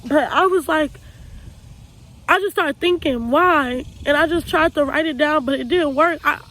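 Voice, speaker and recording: A woman's voice: high-pitched, normal speed, bright, forceful tone, rough recording. A young woman from Texas telling her life story to camera, earnest and raw, often repeating herself in loose casual speech. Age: young adult. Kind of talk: personal storytime monologue.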